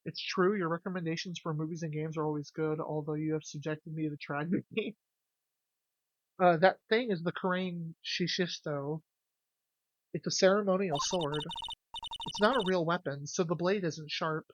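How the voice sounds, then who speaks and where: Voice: medium pitch, moderate pace, dry recording, dull audio. A streamer chatting casually with viewers, jokey and loose, swearing freely. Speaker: game streamer.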